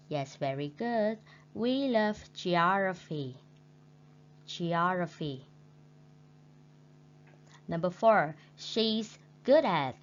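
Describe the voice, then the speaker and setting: Slow, patient Vietnamese-accented woman teacher. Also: fairly low pitch. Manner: slow, patient, repeats words for learners. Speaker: English teacher. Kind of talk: recorded classroom lesson. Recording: dull lo-fi recording with faint hum.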